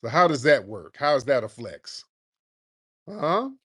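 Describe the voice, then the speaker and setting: A man's voice: mid-range voice, very animated, measured pace, a bit bright, breathy edge, no room sound, clean studio sound. Mocking male call-in host. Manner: mocking, taunting, calls callers "sir". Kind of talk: live call-in chat.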